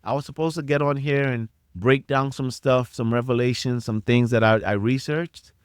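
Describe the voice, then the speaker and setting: At a moderate pace and with fairly even intonation, a middle-aged man's mid-range voice carries a preachy solo podcast rant. He talks straight to listeners with passion, circling back to repeat his points. It's a clean, echo-free studio recording.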